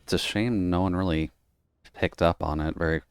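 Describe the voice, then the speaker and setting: A man's voice: sits low, steady tone, moderate pace, clear, resonant tone, no room sound, clean studio sound. A man streaming a game, chatting casually in a rambling way and laughing often. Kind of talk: casual chat while gaming.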